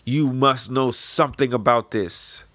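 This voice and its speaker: A man reading the lines of a gruff, bullying male gang boss in a demanding, interrogating tone. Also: mid-range voice, measured pace, fairly bright tone, no echo, lightly acted.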